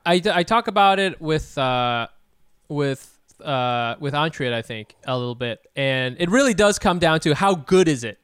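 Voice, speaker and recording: Male co-host, clear voice slightly high, halting and wry. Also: expressive, fairly bright tone, dry recording, clean studio sound. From Vietnamese family. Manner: hesitant, many fillers and restarts, wry. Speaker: podcast co-host. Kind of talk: casual podcast chat.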